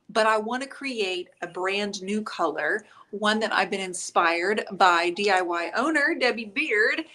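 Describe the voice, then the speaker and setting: A woman's voice: medium pitch, pushed and bright. Chatty woman hosting a painting livestream. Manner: chatty, upbeat, jokes with her husband. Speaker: host and paint instructor. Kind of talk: casual live-stream painting tutorial.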